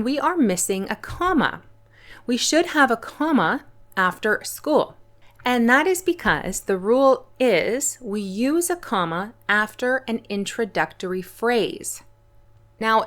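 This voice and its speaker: Here a woman of medium pitch and fairly bright tone teaches English punctuation on her own channel. Her online grammar lesson is delivered with clarity and patience, as befits an English teacher.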